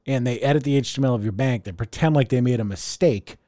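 A man's voice: medium pitch, fast, warm tone, dry recording, studio quality. A man co-hosting a casual podcast chat, rambling through explanations with lots of fillers. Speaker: podcast co-host.

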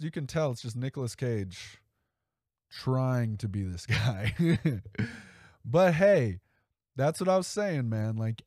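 Podcast dude rambling and cursing, voice jumps all over, fairly high, dry close sound. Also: male voice, a little mellow, dry recording. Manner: rambling, profane and enthusiastic. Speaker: podcast host. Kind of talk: casual solo podcast chat.

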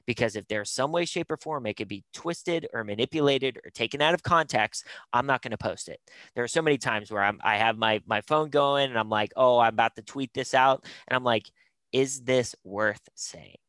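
A man's voice: mid-range voice, normal speed, a bit bright, no room sound. A man, a film producer and talent manager, speaking as a podcast guest in an emphatic, advice-giving way. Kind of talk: casual conversational interview.

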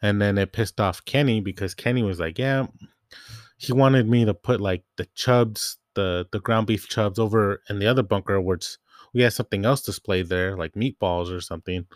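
A young man tells a long, rambling story from his store job, slipping into his coworkers' voices as he goes. His voice sits a little low, and the sound is dry and close with no room echo. He leans on "like" and loose asides. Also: normal speed. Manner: rambling, quotes coworkers, frequent "like". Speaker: grocery store worker. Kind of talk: casual storytelling rant.

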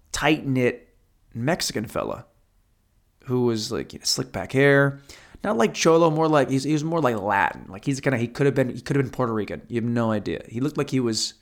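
Profane, rambling male stand-up comic. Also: mid-range voice. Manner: profane, rambling, self-deprecating. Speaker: stand-up comedian. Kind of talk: stand-up storytelling.

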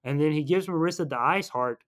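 A young man casually recapping a film, rambling and playful, slipping into quick silly voices for the characters. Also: fairly high pitch, a bit bright. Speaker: movie recap podcaster.

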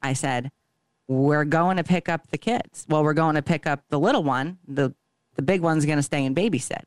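This podcast co-host has a low voice and a moderate pace, recorded with no room sound. She tells a long story in a casual, profane style, acting out every line of dialogue.

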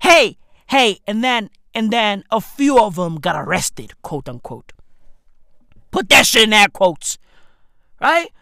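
A man, delivering a profane, slang-filled comedic rant and often breaking into shouts. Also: sits high, big pitch swings, slow, gravelly, long pauses, no room sound, studio quality. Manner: loud swearing slang-heavy, jumps to shouts. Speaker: comedic ranter.

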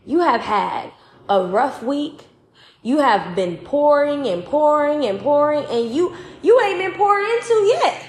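A woman's voice: sits high, very animated, unhurried, heavily acted. A woman voicing the enemy, a taunting male spirit, who needles her with questions. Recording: roomy echo.

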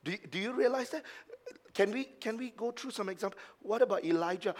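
A man preaching a sermon as pastor at a church service, swinging from hushed low asides to loud, emphatic passages and mocking the excuses of doubters. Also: brisk. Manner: acts out the lines of doubters in a mocking tone.

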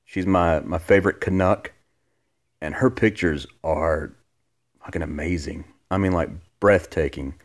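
A man with a low voice speaks at a measured pace while hosting a casual podcast from his living room. He jokes, rambles and pokes fun at himself as he answers listener questions in easygoing chat.

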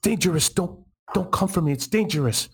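A woman's voice: low voice, lively intonation, slow, vocal fry, slightly rough, pitched above the performer's own voice, exaggerated voice. A man voicing a desperate young woman who is panting and fighting beasts, speaking in broken, urgent fragments. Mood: distressed.

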